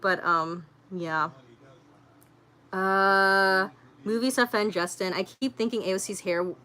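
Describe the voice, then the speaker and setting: A woman's voice: lowish voice, pushed and bright. A woman hosting a casual livestream, reading viewer comments aloud and chatting in a rambling way with lots of fillers and frequent laughter. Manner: laughs often.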